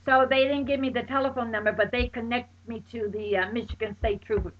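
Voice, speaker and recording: A high-voiced woman, retelling an anecdote with lively, dramatic exclamations. She voices the other people in the story herself. The recording is dull and lo-fi. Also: a little fast. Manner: exclaims loudly, acts out friends' voices. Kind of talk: animated personal anecdote.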